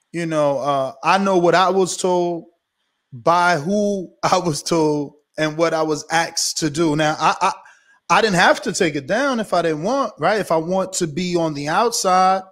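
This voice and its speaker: A man talks as a guest in a casual interview, his voice pitched well above most men's. He speaks in a measured, insistent way and leans on rhetorical questions to make his point.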